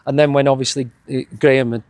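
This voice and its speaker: Chuckling and often restarting, a middle-aged Yorkshireman from England rambles through memories of his football days in a relaxed interview. His medium-pitched voice is level and darkish, the pace quick, with no room sound.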